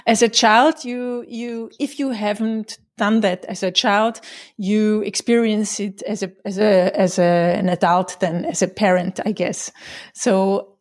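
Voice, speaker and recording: A woman's voice: medium pitch, fairly even intonation, measured pace, darkish tone. A woman whose first language is German, hosting an interview in English and speaking hesitantly with restarts. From German-speaking country. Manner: hesitant, restarts, laughs often. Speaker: host. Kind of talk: casual interview.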